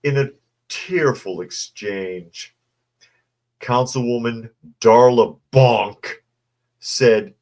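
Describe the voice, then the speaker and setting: A man's voice: medium pitch, drawn-out words, a little mellow. Casual news-commentary host, man, sarcastic and mocking asides. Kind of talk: casual news commentary, reading articles and chat.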